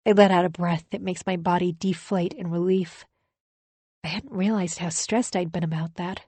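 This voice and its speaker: Female audiobook narrator, somewhat low voice, dry close sound, measured and wry. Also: fairly even intonation, warm tone, husky, dry recording. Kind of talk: first-person thriller narration.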